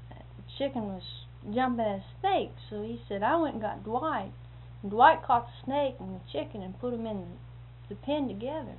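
Chuckling woman telling stories over a thin line. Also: medium pitch. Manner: chuckling often, acts out quoted speech. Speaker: storyteller. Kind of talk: casual anecdotal storytelling. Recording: phone-like lo-fi audio with faint hiss.

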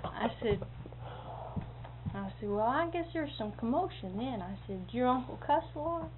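A woman with a slightly high voice tells rambling stories in a casual way. She chuckles often and acts out the lines of the people in her stories. The sound is narrow and phone-like, with a faint hiss underneath. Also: lively intonation, normal speed. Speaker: storyteller. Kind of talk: casual anecdotal storytelling.

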